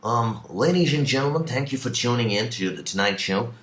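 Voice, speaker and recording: A man's voice: medium pitch, lively intonation, brisk, fairly bright tone, natural voice. Man doing a rambling late-night show host. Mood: deadpan. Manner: hesitant storytelling with many uhs. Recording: echoey room.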